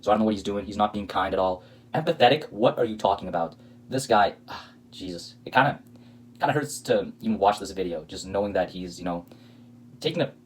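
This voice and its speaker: A man's voice: on the low side, poor audio. A man hosting a reaction video, talking casually with sarcastic, indignant, rambling commentary.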